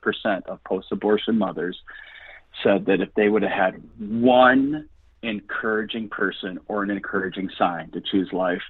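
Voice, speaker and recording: A man's voice: on the low side, fairly even intonation, normal speed, slightly rough, dry recording. A man guest on a radio interview, talking earnestly and encouragingly like a preacher. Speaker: guest, ministry founder. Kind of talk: enthusiastic radio interview talk. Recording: dry phone-line audio.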